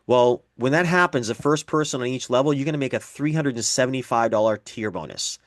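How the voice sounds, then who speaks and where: A man's voice: medium pitch, no echo, studio quality. A man giving a business presentation, explaining figures step by step and acting out sample conversations. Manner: explanatory, repeats figures, acts out sample dialogue.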